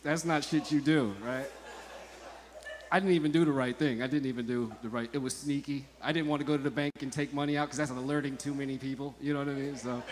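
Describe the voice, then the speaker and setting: A man doing stand-up crowd work, bantering with the audience in a loud, profane, joking way. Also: medium pitch, fairly even intonation, quick pace, slight background noise. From Montclair, New Jersey. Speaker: stand-up comedian. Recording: echoey live comedy venue.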